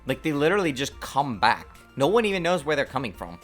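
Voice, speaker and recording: A man streaming his game development work, talking to himself in a lively, self-mocking way. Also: mid-range voice, fast, faint music behind. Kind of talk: casual livestream dev commentary.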